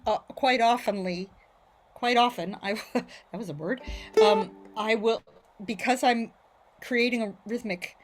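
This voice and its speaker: A woman teaches mandolin over a video call, talking in a relaxed, chatty way and tossing in "right?" as she explains. Her voice sits at a middle pitch, and faint mandolin playing sits behind her. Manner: casual, explains with sung syllables and frequent "right?". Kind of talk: online music lesson.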